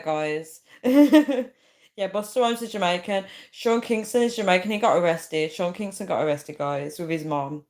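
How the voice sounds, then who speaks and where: Young woman livestream host, somewhat low voice, rambling and giggly casual chat. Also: darkish tone. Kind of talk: casual live chat reading comments.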